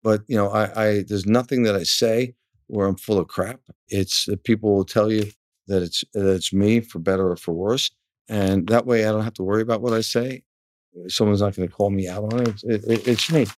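A man's voice: fairly low pitch, fairly even intonation, normal speed, dry recording. A man, a car dealership manager, talking frankly in a casual interview, often repeating a word as he starts a sentence. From New York area.

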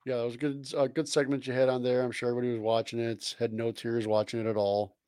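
A man's voice: medium pitch, flat delivery, fast talker, darkish tone, clear, resonant tone, dry recording. A laid-back man co-hosts a casual fan podcast, making wry, offhand remarks. His voice sits in a middle register, recorded dry and close to the mic. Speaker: podcast co-host. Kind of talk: casual chat.

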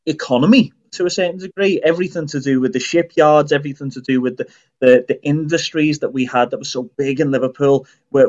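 A man's voice: medium pitch, darkish tone, muffled recording. Earnest, explaining podcast man. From Northern Ireland. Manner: earnest, explanatory, long run-on sentences. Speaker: podcast co-host. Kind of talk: casual podcast chat.

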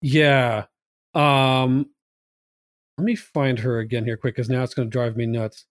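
A man's voice: medium pitch, fairly even intonation, a little slow, dry recording, clean studio sound. A man hosting a casual movie podcast, rambling with lots of fillers and "like.". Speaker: podcast host.

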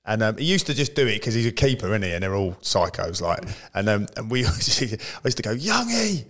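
A man's voice: fairly low pitch, fast talker, fairly bright tone. Easygoing man chiming in with stories. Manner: easygoing, chuckles while chiming in. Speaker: podcast co-host, ex-footballer. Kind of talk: casual chat.

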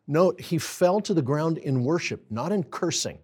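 A man's voice: fairly high pitch, lively intonation, measured pace, few pauses, breathy edge. An American man teaching a Bible study in an earnest sermon style, building to pleading intensity when quoting prayers.

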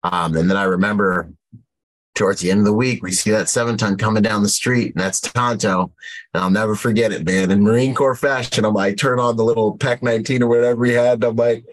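A man, a military veteran guest on an interview show, telling war stories in a lively way, acting out what people said. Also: fairly low pitch, brisk, rough recording. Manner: animated storyteller, acts out quotes loudly. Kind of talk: storytelling interview.

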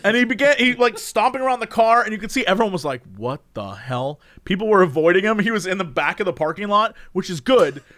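A man's voice: sits high, fast, hardly any pauses, a bit bright. A man telling a funny story in a casual chat, laughing often and acting out the people he quotes. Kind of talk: casual anecdote.

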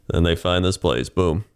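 A man's voice: sits low, animated, normal speed, a bit bright. A man co-hosting a podcast in casual chat, laid-back and agreeable, laughing often. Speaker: podcast co-host.

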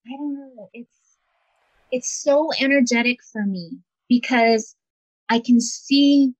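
A woman's voice: fairly high pitch, darkish tone, no room sound, lo-fi sound. A woman being interviewed as an empowerment coach, talking in an earnest, reflective way and often restarting her sentences. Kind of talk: casual interview conversation.

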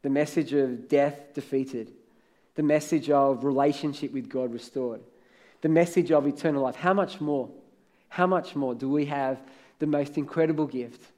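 A man's voice: medium pitch, normal speed, a little mellow. A man preaching a sermon as pastor, conversational, telling stories and building to emphatic peaks.

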